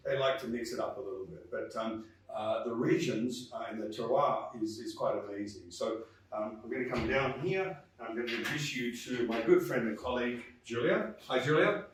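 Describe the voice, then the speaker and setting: A man presenting a casual wine vlog, chatty and upbeat with lots of fillers. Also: mid-range voice. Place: wine store, indoors. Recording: very echoey store, mic far off.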